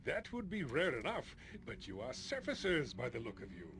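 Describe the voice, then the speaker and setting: An actor playing a wary city guard in a fantasy game, greeting travelers from the surface. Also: male voice, mid-range voice, huge pitch swings, normal speed.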